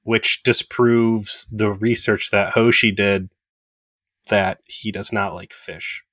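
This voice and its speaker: A man's voice: fairly low pitch, fairly even intonation, slow pace, sharp tone, no room sound, studio quality. A man co-hosting a casual podcast, riffing sarcastically with profanity. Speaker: podcast co-host. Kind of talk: casual chat.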